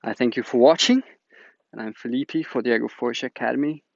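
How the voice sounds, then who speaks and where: A man's voice: mid-range voice, quick pace, vocal fry, no echo. A man, hosting an agroforestry channel and giving a chatty, enthusiastic announcement to viewers. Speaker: agroforestry teacher, channel host. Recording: dull lo-fi dry recording.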